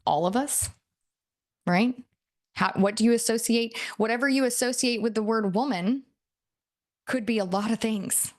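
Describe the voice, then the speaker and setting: A woman's voice: fairly high pitch, moderate pace, pauses often. Chatty woman coach teaching. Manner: chatty, laughs often, acts out quotes. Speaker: NLP coach. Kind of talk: casual teaching talk.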